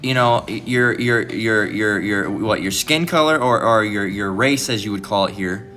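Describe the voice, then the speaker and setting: A man's voice: on the low side, measured pace, sharp tone, faint music behind. A man giving informal, blunt preaching commentary, often restarting and asking "all right?".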